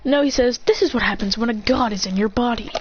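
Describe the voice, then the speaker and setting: This casual narrator talks quickly at a medium pitch, wandering through a fan story while frequently starting sentences over and performing the characters' dialogue. There's a faint hiss on the dull, lo-fi audio.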